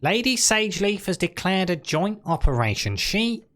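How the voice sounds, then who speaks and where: A man doing a high, insistent goblin. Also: sing-song, normal speed, a bit bright. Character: pushy little male goblin companion.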